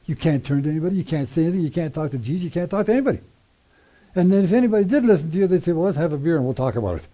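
A man's voice: a little high, racing. Older man telling a testimony. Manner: animated, acts out dialogue, chuckles between lines. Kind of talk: personal testimony storytelling. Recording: dull lo-fi recording.

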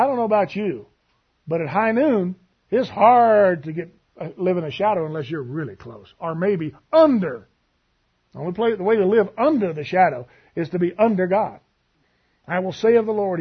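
A man preaching a sermon, telling stories and acting out both sides of a conversation in a husky voice. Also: sits high, lo-fi sound.

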